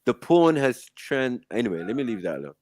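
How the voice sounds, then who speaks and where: A man's voice: medium pitch, very animated, fairly quick, a little mellow, no room sound. A man, casually bantering and joking with friends on a live panel, laughing often and using street slang.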